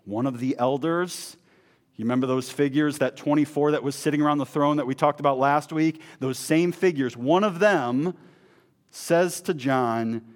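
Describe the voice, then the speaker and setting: A man preaching a sermon, swinging between emphatic proclamation and hushed, low intensity, with chatty asides and repeated words. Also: moderate pace. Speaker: pastor.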